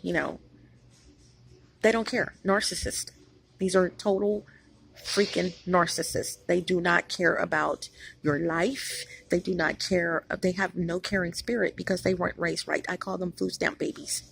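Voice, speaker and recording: A woman's voice: fairly low pitch, fairly even intonation, unhurried, gravelly, fairly bright tone, breathy edge. A woman hosting her own channel, talking in a rambling, emphatic vlog monologue with many restarts, tired after being up all night. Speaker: channel host.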